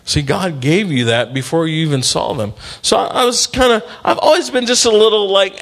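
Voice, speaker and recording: Preaching man with a higher voice. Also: normal speed, fairly bright tone. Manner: conversational preaching with call-and-response asides; acts out quoted voices in his stories. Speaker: pastor. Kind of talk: sermon.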